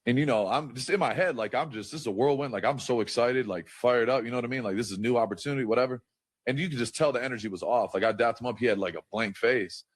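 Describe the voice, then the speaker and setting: A man's voice: medium pitch, fast, no room sound. A man telling a story in an interview in a rambling, casual way, full of fillers and swearing. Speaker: interview guest, pro football player.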